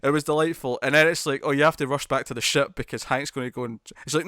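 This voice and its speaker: A podcast co-host chats casually and animatedly about TV episodes, laughing as he quickly retells scenes and acts out quotes. His mid-range voice is smooth, captured in a clean studio with no room sound.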